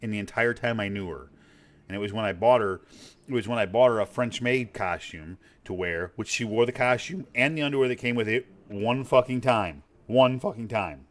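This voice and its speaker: Gamer streamer, man in his forties, low voice, swears freely, wanders off topic. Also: moderate pace. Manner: blunt, profane, rambling. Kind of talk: casual chat while gaming.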